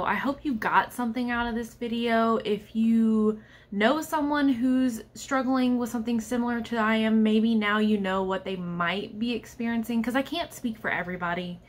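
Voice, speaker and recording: A young woman vlogger talking candidly and with frustration about a personal struggle, speaking straight to the camera. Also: medium pitch. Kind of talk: personal vlog monologue.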